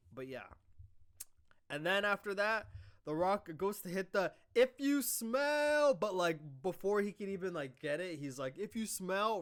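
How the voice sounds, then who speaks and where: A man casually recapping a wrestling show, rambling, swearing and acting out quoted lines. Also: a little high. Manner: rambling, profane, animated retelling with quoted lines.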